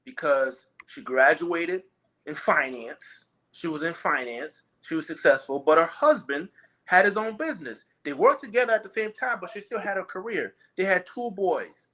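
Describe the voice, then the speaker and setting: Lively, emphatic man ranting casually. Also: a little high, normal speed. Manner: emphatic, rambling, many restarts. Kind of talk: opinionated casual chat.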